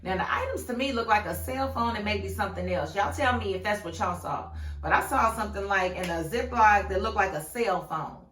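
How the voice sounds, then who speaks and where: A woman giving a casual, animated recap of a TV episode, laughing often and acting out the scenes in voices. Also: medium pitch, a little fast, recorded from a distance, a little hiss or hum. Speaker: YouTube TV reviewer. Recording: echoey room, a bit off-mic.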